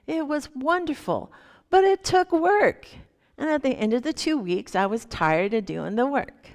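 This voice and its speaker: A woman minister giving a sermon, telling stories animatedly and acting out the voices in them. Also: high-pitched. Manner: animated, acts out quoted voices in her stories. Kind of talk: sermon with storytelling. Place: church sanctuary. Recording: long hall reverb.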